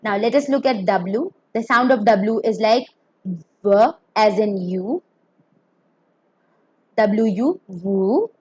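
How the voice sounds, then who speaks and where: A woman's voice: mid-range voice, slow pace, pauses often, breathy edge, dry recording, low-quality recording. A woman teaching a beginner Mandarin pinyin lesson, explaining carefully and demonstrating each tone.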